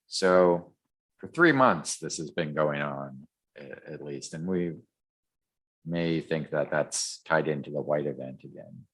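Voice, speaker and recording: With a rumbling low voice, a podcast co-host speaks slowly and pauses often as he rambles through a comic recap, stumbling over ums and restarts. He's captured on a podcast microphone in a casual chat.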